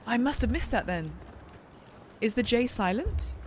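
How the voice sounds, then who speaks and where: A woman's voice: fairly high pitch, sing-song, measured pace, slight background noise. Playful, chatty woman streamer. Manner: chatty, playful, talks to chat. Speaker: gaming streamer. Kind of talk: let's play commentary. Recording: voice over game music. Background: game music.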